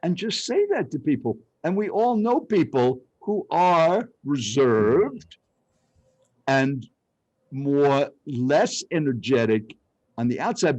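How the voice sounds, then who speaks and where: A man's voice: a little high, husky, dry recording, poor audio. An older man, a speech coach, telling dramatic personal stories as an interview guest. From Arizona, United States. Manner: animated, dramatic storyteller. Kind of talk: storytelling interview.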